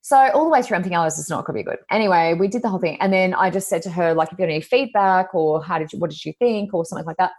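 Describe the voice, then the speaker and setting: An Australian woman, a psychic medium and podcast co-host, chatting casually and telling animated stories with high-pitched exclamations. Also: rapid-fire, few pauses. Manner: animated storyteller, acts out quotes with high exclamations. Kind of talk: casual chat.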